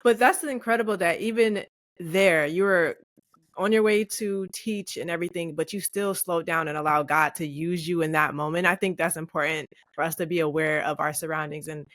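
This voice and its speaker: Low-voiced woman podcast host. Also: fairly even intonation, normal speed, dry recording, studio quality. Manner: warm affirming listener with soft reactions. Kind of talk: casual faith podcast interview.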